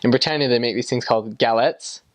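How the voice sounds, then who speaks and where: A man's voice: medium pitch, quick pace, dry recording. A young man from the United States, a former missionary, answering interview questions in a chatty way with lots of fillers.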